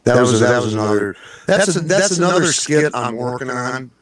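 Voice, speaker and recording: A man's voice: medium pitch, animated, moderate pace. A man hosting an internet radio talk show, chatting casually and playfully, forever slipping into impressions. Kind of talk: casual chat.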